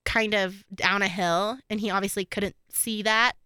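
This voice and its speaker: A woman's voice: mid-range voice, steady tone, normal speed, pushed and bright, smooth, no room sound. A young woman co-hosting a true crime podcast, chatting casually with lots of fillers and laughs. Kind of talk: casual chat.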